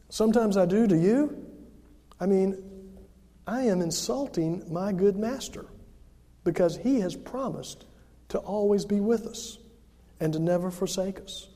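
High-voiced preacher in a reverberant hall. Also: male voice, warm tone. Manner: conversational, self-deprecating, acts out quoted voices. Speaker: pastor. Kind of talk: sermon. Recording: long reverb of a large hall.

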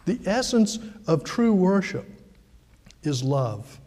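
A man's voice: high voice, sing-song, takes it slowly, warm tone, big-room sound. A man preaching a sermon as pastor, talking conversationally with frequent fillers and restarts.

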